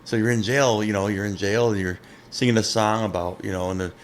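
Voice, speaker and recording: A man co-hosting a podcast, telling a funny personal story in casual chat, animated and laughing often at himself. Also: lowish voice, fairly quick, slight background noise. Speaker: podcast co-host.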